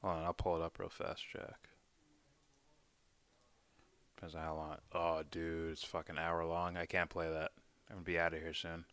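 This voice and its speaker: A man hosting a live stream, chatting casually, profane, animated and mocking. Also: deep voice, normal speed, long pauses, clear, resonant tone. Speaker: stream host. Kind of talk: casual livestream chat.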